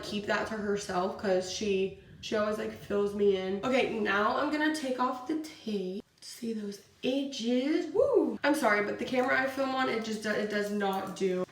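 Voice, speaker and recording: A young woman vlogging casually while doing her makeup, telling a story in a chatty way and saying "like" a lot. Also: medium pitch. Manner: chatty storytelling, fills with "like" constantly. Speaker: beauty vlogger. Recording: roomy, from a distance, faint hiss.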